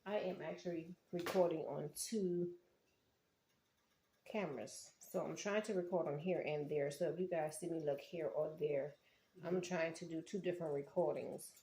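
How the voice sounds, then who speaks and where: A woman's voice: sits low, normal speed, dark tone, slight background noise. A woman from South Carolina, chatting straight to her viewers in a casual cooking vlog. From Charleston, South Carolina. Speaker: cooking vlogger. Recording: echoey room with faint ambience.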